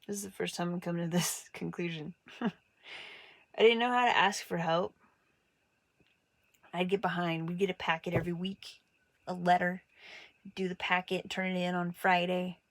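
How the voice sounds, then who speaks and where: A woman from Montana telling personal stories about growing up, in a casual, candid way. She throws her voice up high when she quotes teachers and family, making the stories animated. The room sounds dry, with no echo. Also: normal speed, pauses often. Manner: animated, acts out quoted voices with big pitch jumps. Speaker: artist telling her life story.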